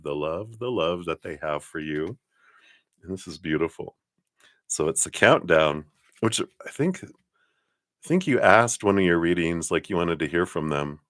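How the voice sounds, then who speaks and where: Deep-voiced guy doing live tarot readings, super giggly, keeps laughing, chatty spiritual vibe. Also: no room sound, clean studio sound. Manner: warm, affirming, spiritual talk. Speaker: tarot card reader.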